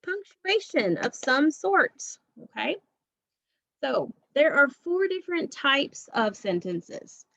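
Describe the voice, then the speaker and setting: A woman teacher walks young students through a recorded lesson, steady and patient, checking in with an okay every few sentences. Her voice is dry and close, with no room around it. The sound is slightly dull and muffled. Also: high voice, takes it slowly, gravelly, dry recording. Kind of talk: recorded remote class lesson.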